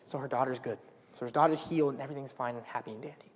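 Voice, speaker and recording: A man's voice: mid-range voice, very fast. A teenage male student giving an earnest, conversational sermon that retells a Bible story, live at his school. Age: late teens. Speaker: student speaker. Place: school chapel or hall, live. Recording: long hall reverb.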